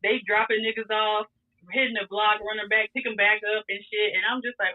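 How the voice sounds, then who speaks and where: A woman telling a wild story in a casual, animated, profane way, laughing often. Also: mid-range voice, brisk. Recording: tinny phone-like sound.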